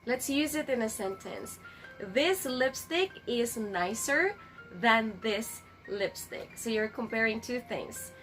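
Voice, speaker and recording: A woman's voice: fairly high pitch, animated, takes it slowly, fairly bright tone, faint music behind. A woman teaching an English grammar lesson, patiently stressing each example word.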